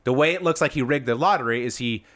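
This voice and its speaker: A man's voice: medium pitch, fast talker. A man co-hosting a sports podcast, chatting casually with friends and laughing often. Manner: animated, laughs often, does goofy voices. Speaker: podcast co-host. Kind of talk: casual chat.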